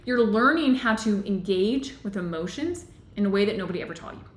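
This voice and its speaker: A woman hosts a live online book club and teaches from the text. She talks in an earnest, steady way, checking in with her listeners over and over. Her voice sits at an average pitch and carries a noticeable room echo. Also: brisk. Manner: earnest, repeats "right?" often.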